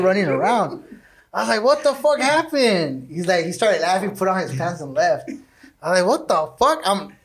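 A man's voice: on the high side, husky. A young man hosting a podcast, telling crude party stories full of profanity and slang, laughing often. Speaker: podcast host. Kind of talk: casual storytelling chat.

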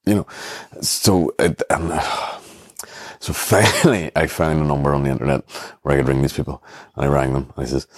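A man's voice: very deep voice, brisk, dry recording, clean studio sound. A man hosting a show, rambling through comic, self-mocking stories and acting out the other people in them. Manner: rambling, self-mocking, acts out voices in quotes. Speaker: podcast host. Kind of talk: comic storytelling monologue.

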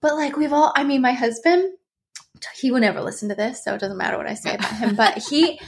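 Woman guest author, high voice, chatty and laughing, relaxed conversation. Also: fast talker, vocal fry. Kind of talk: casual chat.

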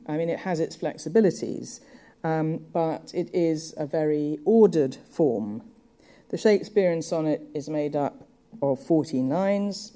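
A woman giving a measured, thoughtful lecture on poetry, with occasional fillers. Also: deep voice, dark tone. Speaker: literature lecturer.

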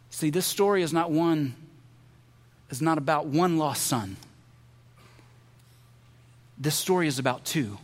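A man preaching a sermon, animated, slipping into the voices of the characters in his story as he tells it. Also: fairly high pitch, in a large hall. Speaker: pastor.

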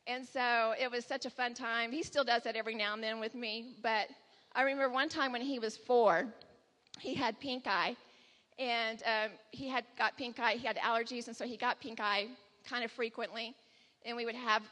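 A woman in her forties tells a personal testimony from a church stage. Her voice sits a little high and rings bright, and it trails off into the long reverb of a big hall. She speaks candidly and slips into dialogue when quoting her son.

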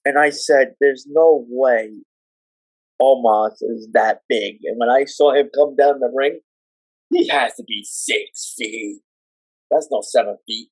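A man talking with excitement on a podcast, telling wrestling stories and now and then breaking into shrill shouting. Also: takes it slowly, no echo, poor audio. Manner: excitable, jumps into shrill shouting when retelling. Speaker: podcast guest. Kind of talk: casual chat.

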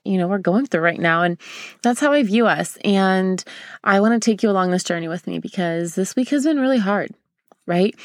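A young woman hosts her podcast in a casual, confiding way, speaking to the listener like a close girlfriend. She sounds open and emotional. Her voice sits at an average pitch, recorded close and dry with no room echo. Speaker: podcast host. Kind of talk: casual heartfelt podcast talk.

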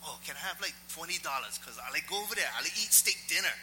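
A man's voice: fairly high pitch, lively intonation, fast talker, pushed and bright, big-room sound, soft background music, voice pushed up, poor audio. A man voicing a hungry, scruffy male stranger who begs in Hawaiian Pidgin slang. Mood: pleading. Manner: pleading, casual slang.

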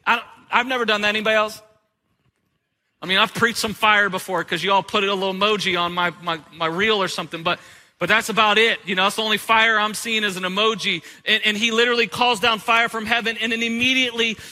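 A man's voice: high voice, bright, forceful tone, long reverb tail. A man pastor giving a sermon in a conversational, joking way, with rhetorical questions to his listeners.

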